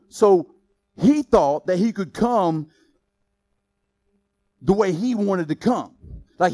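A man preaching a sermon in a lively, joking way, quizzing the congregation with questions. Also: sits high. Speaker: pastor.

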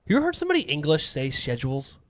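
A man's voice: on the high side, wildly swooping pitch, very fast, dry recording. A young man co-hosting a casual podcast chat, teasing his friends with jokes. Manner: joking, teasing banter. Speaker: podcast co-host.

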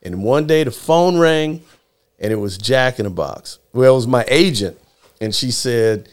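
Animated middle-aged male storyteller. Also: mid-range voice, unhurried. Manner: animated storyteller acting out quotes in shifting voices. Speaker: guest, former child actor. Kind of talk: storytelling in casual chat.

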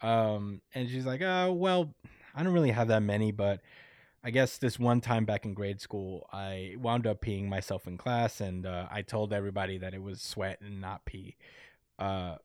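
A man in casual chat, recapping a story and acting out the characters' lines in quick voices, laughing often. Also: on the low side, fairly even intonation, darkish tone, no echo, studio quality. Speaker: podcast co-host recapping a manga chapter.

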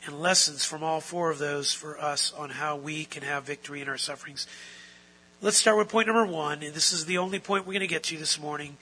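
A man's voice: fairly high pitch, a little fast, sharp tone, breathy edge, rough recording. A man preaching a sermon as pastor, emphatic and repeating key phrases for stress.

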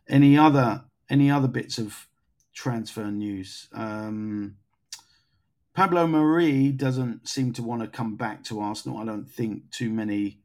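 A man's voice: lowish voice, a little mellow. Man rambling through football transfer news. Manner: rambling, thinks aloud with fillers. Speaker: podcast host. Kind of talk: casual podcast chat.

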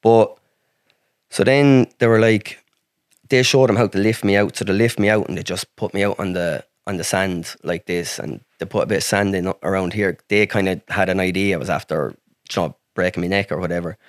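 A man's voice: sits low, fairly even intonation, fairly quick, no echo, studio quality. An Irish man telling a long personal story as a podcast guest, rambling and swearing freely. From Ireland. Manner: rambling, heavy swearing, frequent restarts. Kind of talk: casual storytelling.

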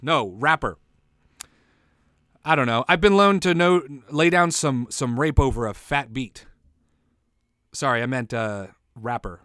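This is a man running a loose comic monologue on his own show, laughing at his own jokes and mocking himself. He admits he is high. His voice is mid-pitched and recorded dry, with no room echo. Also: expressive, unhurried, long pauses, bright, forceful tone. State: says he is high. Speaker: solo show host.

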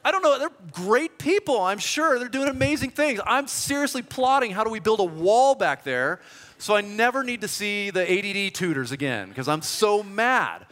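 Man, pastor, lively storytelling sermon, bright tone, long hall reverb. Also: high-pitched, normal speed. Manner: animated storytelling with quoted voices. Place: church hall.

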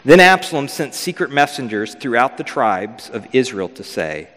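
A man preaching a casual, storytelling sermon as pastor, lively and acting out figures in modern slang. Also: mid-range voice, normal speed. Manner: animated, acts out biblical figures with modern slang. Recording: long hall reverb.

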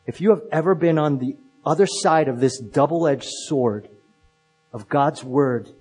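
A male pastor preaching a storytelling sermon, his voice somewhat high and husky. He acts out quotes, dropping to a hush and then swelling again. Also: a little slow, rough recording. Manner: storytelling, acting out quotes with shifts in volume.

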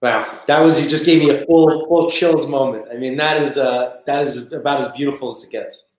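A man hosts a casual podcast interview, speaking with easy enthusiasm at a middling pitch. The recording has a roomy, echoey quality. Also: moderate pace, darkish tone. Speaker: podcast host.

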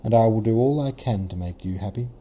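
A man voicing a gentle young princess who speaks earnestly and firmly. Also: on the low side, quick pace, slightly rough. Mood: comforting. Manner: soft, earnest, resolute.

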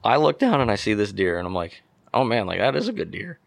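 A young man from Pennsylvania, a podcast guest telling an animated story and acting out what people said. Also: fairly low pitch, quick pace, gravelly, dry recording. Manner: animated storyteller, acts out quotes. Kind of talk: casual storytelling.

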